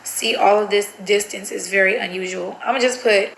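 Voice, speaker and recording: A woman's voice: medium pitch, fairly even intonation, a little fast, creaky, hardly any pauses, a bit bright, a little hiss or hum. A young woman vlogging casually to her viewers, chatty and giggly, talking straight to the camera. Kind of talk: casual vlog chat to camera. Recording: roomy echo with faint music.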